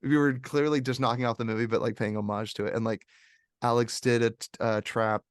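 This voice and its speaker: A young man hosting a casual movie review podcast, rambling and filling every pause with "like". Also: mid-range voice, level tone, dry recording, clean studio sound. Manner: rambling, heavy use of "like". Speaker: podcast host.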